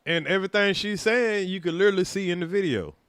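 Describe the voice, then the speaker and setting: Man, host, casual commentary, wry interjections, higher pitch, dry sound. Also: fast, a bit bright, clean tone, no room sound.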